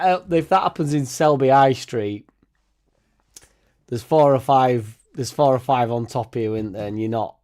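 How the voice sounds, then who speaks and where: Young man, fan stream host, laughing, sweary, rambling, mid pitch. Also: darkish tone. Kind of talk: casual livestream reaction chat.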